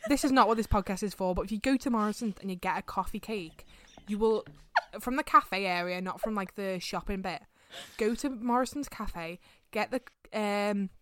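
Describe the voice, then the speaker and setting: A woman's voice: medium pitch, moderate pace, no room sound. A young woman co-hosting a casual podcast chat, blunt and teasing, swearing freely. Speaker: podcast co-host.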